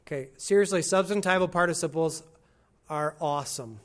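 A pastor giving an expository sermon, teaching in a conversational way with wry asides and slowing down to stress key phrases. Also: male voice, fairly high pitch.

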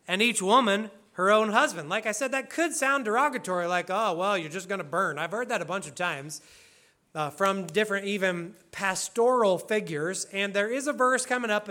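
A man's voice: sits high, pushed and bright. A man preaching a sermon, explaining scripture in an earnest, conversational way with casual asides. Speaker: pastor.

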